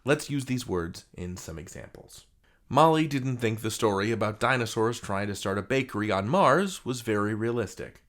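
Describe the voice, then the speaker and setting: Animated, lively-voiced man teaching vocabulary. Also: lowish voice, normal speed. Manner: animated, jokey, theatrical. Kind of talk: playful scripted lesson.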